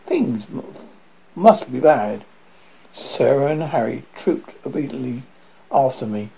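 A man reading his own book aloud in the first person, theatrical and lively, with sudden loud exclamations. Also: medium pitch, gravelly, husky. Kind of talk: first-person storybook narration. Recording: dull lo-fi audiobook recording.

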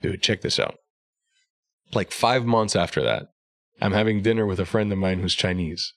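A man telling a story in casual podcast chat, animated and profane, acting out what his family said. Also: sits low, normal speed, vocal fry, no echo, clean studio sound. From New York area. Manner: animated, swearing, acts out quoted family voices. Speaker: podcast guest.

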